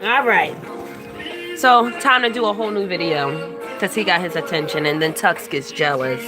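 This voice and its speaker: A woman's voice: lowish voice, normal speed, music in the background. An older woman vlogging at home, telling stories to the camera in a chatty, dramatic way and acting out what people said. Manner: dramatic, chatty, acts out quotes. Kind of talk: casual storytelling to camera. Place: home living room.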